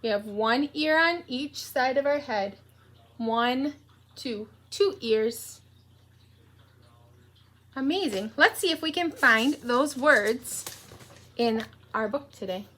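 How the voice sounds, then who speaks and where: A woman teacher leading a morning meeting for young children, in a slow, animated, sing-song voice with many questions for the kids. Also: high-pitched. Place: home room.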